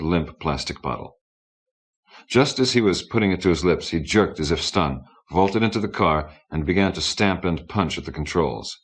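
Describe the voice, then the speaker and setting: A male narrator with a very low voice reads an audiobook aloud. He keeps a steady, measured pace and an even storybook delivery. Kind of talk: audiobook reading.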